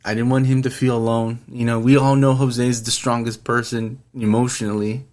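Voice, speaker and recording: A man's voice: medium pitch, flat delivery, brisk, a little mellow. A man hosting a podcast, talking earnestly and rambling in casual chat, swearing freely. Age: adult, past his twenties. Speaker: podcast host.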